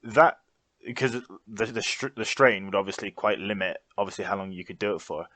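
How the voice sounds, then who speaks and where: A man interviewing a guest, asking friendly and slightly halting questions and laughing along. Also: fairly low pitch, fairly bright tone, no echo.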